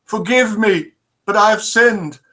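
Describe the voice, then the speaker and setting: Man playing a nervous cabbie, earnest and pleading, pitched a bit high. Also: a little slow, sharp tone. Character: nervous male taxi driver.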